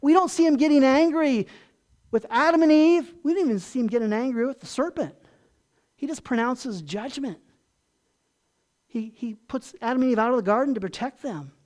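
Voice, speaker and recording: A pastor preaching a sermon in a folksy, conversational way, asking the congregation questions and dropping soft and low on tender points. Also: expressive, moderate pace.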